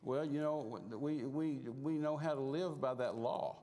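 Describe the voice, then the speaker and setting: A man's voice: fairly high pitch, measured pace, warm tone. An older man preaching a storytelling sermon in a folksy way, often stumbling over and repeating his words. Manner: folksy, stammers and repeats words, chuckles while telling. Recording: long reverb of a large hall.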